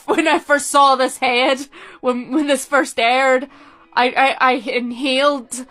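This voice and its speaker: A young woman vlogger reacting to a rewatch in casual, chatty commentary. She is excitable and opinionated, and her sentences restart and interrupt themselves. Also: sits high, soft background music. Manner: excitable, talks fast with restarts and self-interruptions; opinionated, emotional fan.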